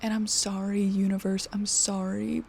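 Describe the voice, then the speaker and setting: A woman in her twenties venting to her camera, frustrated and exhausted, swearing and often sinking into a breathy half-whisper. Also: medium pitch, flat delivery, moderate pace, a little mellow, a little hiss or hum. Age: 20s. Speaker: vlogger.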